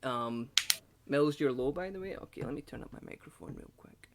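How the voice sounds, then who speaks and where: Gravelly Scottish man swearing casually. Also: medium pitch, expressive, brisk. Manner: laid-back, swears freely. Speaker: podcast host. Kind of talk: casual podcast chat.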